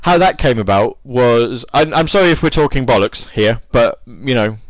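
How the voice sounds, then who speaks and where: A man's voice: mid-range voice, expressive, moderate pace, no echo, rough recording. Rambling, jokey British man, dry sound. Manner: rambling, jokey, self-mocking. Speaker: radio show host. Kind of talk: casual radio chat.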